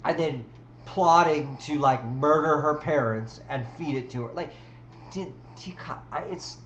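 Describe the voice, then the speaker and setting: A woman hosting a casual livestream, rambling with restarts and talking to her chat. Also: low voice. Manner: rambling, many restarts and fillers, talks to chat. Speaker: livestream host. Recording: roomy with faint background hum.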